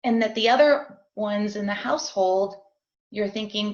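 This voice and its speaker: A woman's voice: mid-range voice, normal speed, roomy sound, highs cut off. A middle-aged woman, a guest in an interview, giving a heartfelt personal testimony as a parent. She speaks in an earnest, confessional way and often checks in with "right?". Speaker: guest sharing her story as a parent. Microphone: video call.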